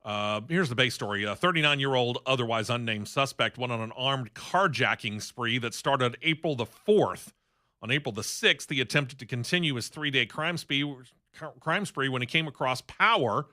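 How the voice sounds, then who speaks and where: A man's voice: mid-range voice, normal speed, pushed and bright. A man hosting a sports talk radio show in a studio, running through racing news in a chatty, opinionated way.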